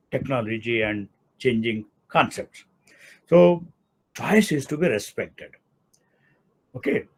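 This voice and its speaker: Indian English-accented law professor lecturing. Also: male voice, medium pitch, darkish tone. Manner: explanatory, repeats key words, uses "see" and "okay". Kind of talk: academic lecture.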